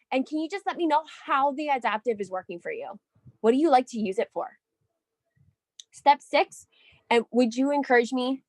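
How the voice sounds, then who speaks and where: An energetic woman coaches her team on a call, talking in a chatty, eager way. Her voice sits a little high. The sound is dry and close. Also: no room sound. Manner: energetic, chatty, often checks in with "right?".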